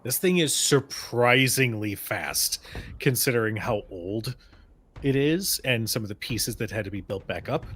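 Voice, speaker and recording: A man's voice: mid-range voice, animated, unhurried, a bit bright, a little hiss or hum. A man running a tabletop game as game master, narrating scenes and making rulings for the players.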